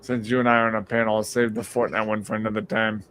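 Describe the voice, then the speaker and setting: A man casually telling stories on a live stream call, animated and swearing freely. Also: quick pace, a little hiss or hum. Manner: animated, acts out quotes in a high mocking voice, swears freely. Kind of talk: casual storytelling chat. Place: home.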